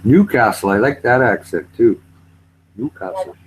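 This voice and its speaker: A man chats in a rambling, easygoing way, his voice sitting low. A faint hum runs under the recording. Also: lively intonation, normal speed, low-quality recording. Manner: rambling, mimics accents for laughs. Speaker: retired railway worker. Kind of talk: casual chat.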